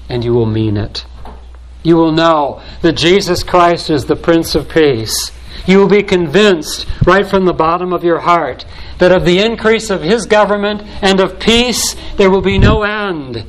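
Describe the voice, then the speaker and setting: A man preaching a sermon in a slow, deliberate way, building solemn repeated phrases. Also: a little high, low-quality recording.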